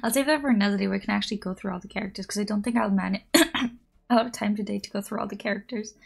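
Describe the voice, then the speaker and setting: A young woman streaming a game, chatting casually with her viewers; her voice is raspy and hoarse from just waking up, and she giggles often. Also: mid-range voice, fairly even intonation, rapid-fire. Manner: bubbly, giggly, playful. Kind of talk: casual live-stream chat.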